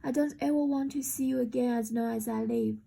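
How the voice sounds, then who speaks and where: A woman reading a novel aloud, voicing a headstrong young woman who yells defiantly, in a gravelly, husky voice. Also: fairly high pitch, fairly even intonation, a little fast, heavily acted. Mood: anguished. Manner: yelling, defiant.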